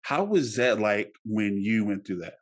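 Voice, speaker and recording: A man in his thirties hosting a casual podcast interview, animated and laughing, often repeating words as he talks. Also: on the low side, unhurried. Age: 30s. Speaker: podcast host.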